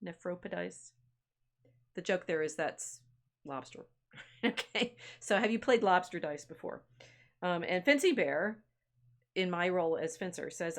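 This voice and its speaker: Low-voiced chatty woman podcast host. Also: lively intonation. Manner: chatty, halting with restarts and laughs. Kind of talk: casual storytelling recap.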